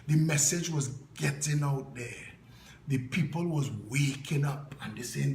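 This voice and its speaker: A man's voice: medium pitch, a little slow, creaky, roomy sound, a little hiss or hum, poor audio. A Trinidadian man giving an impassioned political address, telling stories with punchy repetition. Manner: emphatic storytelling, punchy repetition. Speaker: political party leader.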